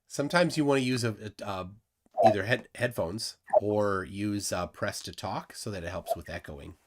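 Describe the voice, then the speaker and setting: A man's voice: fairly low pitch, normal speed. A man hosting a live stream in casual chat, rambling with many restarts and fillers. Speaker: livestream host.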